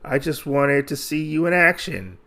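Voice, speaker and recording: Taunting male sword assassin, threatening a hostage, gravelly voice, as a man reads him out in a recap. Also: on the high side, expressive, normal speed, fairly bright tone, pitched above the performer's own voice. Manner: taunting, casually retold.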